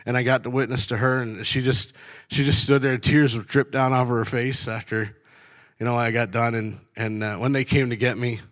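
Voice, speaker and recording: A middle-aged man tells faith stories in a blunt, down-to-earth way, breaking into short laughs as he goes. His voice sits at an ordinary mid pitch for a man, and his delivery is casual and unscripted. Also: steady tone, moderate pace, a bit bright. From Canada. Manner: blunt, storytelling, laughing between lines. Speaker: truck driver sharing faith.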